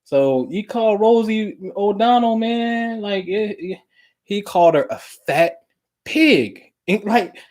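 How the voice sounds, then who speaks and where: A man hosting a show, talking in casual, profane chat, telling stories animatedly and dropping to low mumbles. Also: lively intonation, takes it slowly, a little mellow. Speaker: podcast host.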